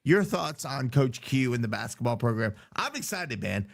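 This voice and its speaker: A man co-hosting a sports podcast, hoarse from yelling, talking in a casual, teasing way. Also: mid-range voice, expressive, normal speed. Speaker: podcast co-host.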